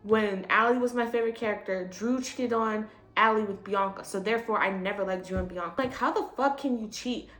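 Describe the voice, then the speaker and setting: A young woman in casual chat as a vlogger, blunt and animated, swearing freely as she rants. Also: on the high side. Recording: echoey room with faint noise.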